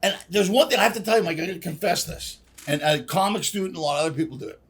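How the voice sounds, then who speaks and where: Husky high-voiced man, animated storyteller. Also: very fast. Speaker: guest comedian. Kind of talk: casual podcast chat.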